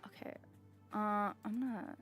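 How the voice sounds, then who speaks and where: A woman's voice: mid-range voice, steady tone, measured pace, a bit bright. A woman streaming a game, reading its text aloud and chatting casually, with frequent sighs and exclamations. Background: faint music.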